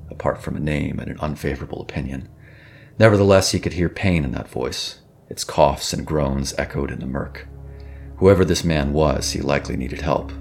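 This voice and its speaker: A man reading a suspenseful story as a narrator, measured and even. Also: very deep voice. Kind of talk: scripted narration.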